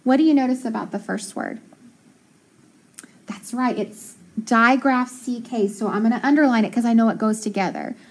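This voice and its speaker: A woman's voice: on the high side, moderate pace, low-quality recording. A woman teacher walking young children through phonics, splitting words into syllables, sounding them out, and praising them.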